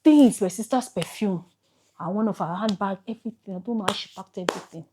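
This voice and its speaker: A Nigerian woman vlogger telling an emotional personal story to camera, halting and repeating herself as she goes. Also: mid-range voice, background noise.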